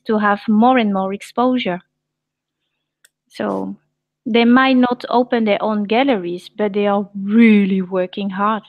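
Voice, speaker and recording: A woman's voice: mid-range voice, dry recording. A woman in casual online panel chat, speaking earnestly and thoughtfully. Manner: earnest, thoughtful, hands questions on. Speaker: panel guest. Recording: dull lo-fi audio.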